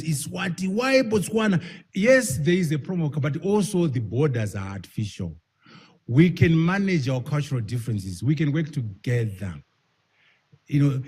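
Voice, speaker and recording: A man's voice: mid-range voice, darkish tone, husky. A man giving an emphatic public speech, repeating key phrases and putting rhetorical questions to his audience. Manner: repeats key phrases, stretches words for stress. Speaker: speaker at a public forum.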